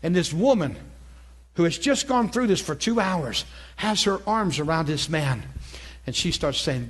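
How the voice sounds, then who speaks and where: A man's voice: fairly high pitch, animated, measured pace. A man preaching a sermon at a church school, telling a story in an earnest, conversational way that climbs into fervent peaks. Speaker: pastor teaching a ministry school. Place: church hall before an audience.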